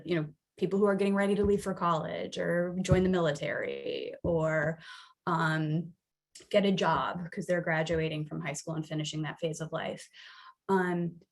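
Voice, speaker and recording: A woman's voice: fairly low pitch, a bit bright. A woman psychologist giving a conversational webinar presentation over a video call, often checking in with her listeners. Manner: conversational, keeps checking in with "right?".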